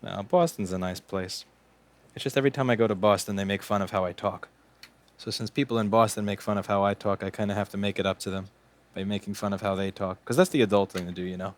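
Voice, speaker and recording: A fast-talking man in his late twenties, with a voice on the low side and fairly even intonation, hosts a casual repair livestream. As the technician works, he rambles along, sarcastic and full of jokes.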